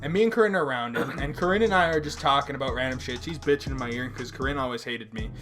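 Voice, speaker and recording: A young man hosting a podcast, telling a story in a loud, animated, profane way and acting out the people in it. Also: medium pitch, fast talker, faint music behind. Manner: animated, profane, acts out quotes. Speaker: podcast host. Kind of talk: casual storytelling chat.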